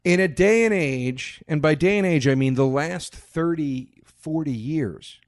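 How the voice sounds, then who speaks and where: A man's voice: fairly high pitch, a little slow, dry recording. A man co-hosting a podcast, chatting casually about a movie, rambling with stammered restarts and dry storytelling. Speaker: podcast co-host. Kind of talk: casual movie review chat.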